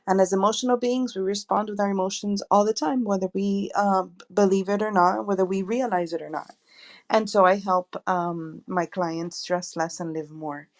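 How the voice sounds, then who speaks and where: A woman who is a stress coach, co-hosting an audio chat room and inviting the audience to ask questions in a friendly, welcoming way. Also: medium pitch. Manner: friendly, inviting, explaining the room's rules. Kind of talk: casual podcast hosting.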